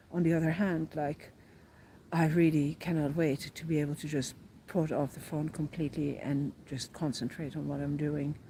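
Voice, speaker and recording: A woman with a slightly low, mellow voice talks through her pilgrim's diary in an earnest, rambling way, full of fillers and restarts. A faint hum of background noise sits under the recording. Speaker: pilgrim vlogger. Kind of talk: reflective personal diary vlog.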